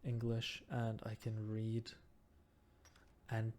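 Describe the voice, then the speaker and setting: A man from Norway, speaking English as a second language, gives unhurried, casual commentary while playing a game. He thinks aloud at a leisurely pace, half-mumbling and wry about himself. A faint background noise sits under his voice at a desk microphone. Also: lowish voice, completely flat delivery, a little mellow. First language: Norwegian. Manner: musing, self-deprecating. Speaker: gamer.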